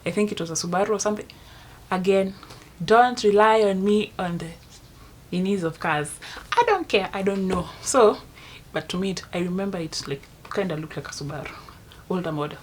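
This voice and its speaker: A young woman with a Kenyan accent tells a story to her vlog viewers, swinging between loud outbursts and hushed asides. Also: lowish voice, steady tone, brisk, slight background noise. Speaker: vlogger. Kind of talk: casual storytime monologue.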